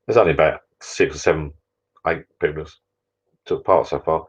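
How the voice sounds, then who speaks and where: A man's voice: a bass voice, moderate pace, slightly rough. A man hosting a casual live stream, rambling chattily and reading out viewer comments.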